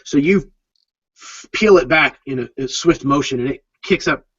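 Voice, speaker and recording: Man, game master, tabletop narration, halting with ums, dull lo-fi audio. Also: fairly high pitch, a bit bright, husky, no room sound. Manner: hesitant, many ums while explaining. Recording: dull lo-fi sound.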